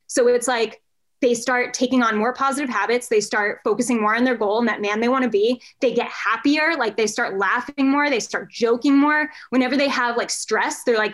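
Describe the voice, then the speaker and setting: A woman's voice: fairly high pitch, moderate pace, a bit bright. A woman coach who works with men, talking candidly in a casual podcast conversation and swearing often.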